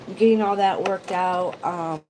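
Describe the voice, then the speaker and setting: A woman's voice: fairly low pitch, steady tone, normal speed, noisy background. A woman vlogger chatting casually on a livestream, rambling emotionally and greeting viewers by name. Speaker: YouTube vlogger.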